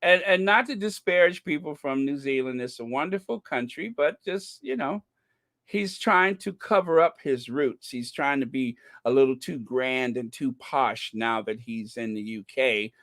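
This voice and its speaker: A man hosting a royal gossip channel, talking in a casual, mocking commentary that jumps into high sarcastic squeals. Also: a little slow, a bit bright, no echo. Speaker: channel host.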